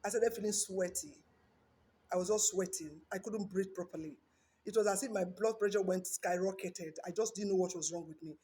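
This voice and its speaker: A woman's voice: mid-range voice, brisk, warm tone, a little hiss or hum. A middle-aged woman telling a personal religious testimony, repeating phrases and ending in preachy appeals to her listeners. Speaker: vlogger giving a religious testimony.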